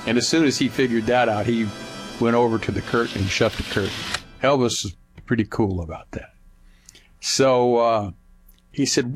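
A man's voice: mid-range voice, normal speed, faint music behind. An older man casually telling a personal anecdote in vivid present tense, with restarts along the way. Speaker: storyteller.

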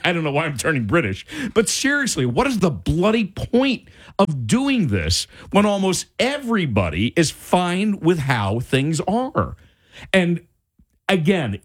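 A middle-aged man hosting a talk radio show, ranting in an exasperated, casual monologue. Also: mid-range voice.

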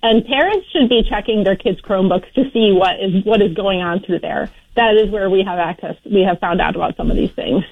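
A woman's voice: mid-range voice, brisk, vocal fry, few pauses, dry recording. A woman advocating for parents as a guest on talk radio, explaining earnestly with many fillers. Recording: dry, dull radio broadcast audio.

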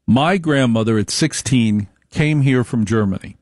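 A man's voice: mid-range voice, lively intonation, moderate pace, few pauses, dry recording. Emphatic man in a dry monologue. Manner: emphatic, storytelling, repeats points for stress. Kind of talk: opinionated monologue.

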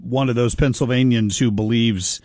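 A man's voice: medium pitch, fairly even intonation, darkish tone, dry recording. Dry-voiced male talk radio host. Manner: halting, many fillers and restarts. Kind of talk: casual talk radio commentary.

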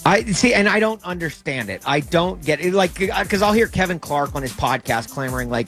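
Young guy doing a big jokey sports rant, voice all over the place, soft music under it. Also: on the high side, brisk, few pauses. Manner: mocking, animated, puts on whiny voices for quotes. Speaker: podcast co-host.

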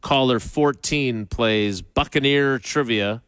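A man co-hosting a sports radio show, steering segments with dry, steady humor. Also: medium pitch, slow pace, clear, resonant tone, no echo. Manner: dry, steady, plays along with the jokes. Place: radio studio.

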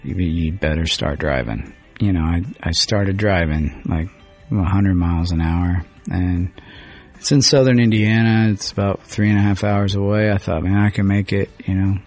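A man in a radio interview, telling a painful story in a halting, rambling way full of fillers. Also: low voice, fairly even intonation, a little mellow, faint music behind. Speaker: guest singer-songwriter.

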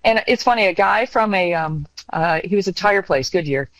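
A woman's voice: medium pitch, fairly quick, few pauses, no echo, poor audio. Earnest older woman giving parenting advice. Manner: earnest, animated storytelling with acted-out quotes. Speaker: guest. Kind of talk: conversational advice.

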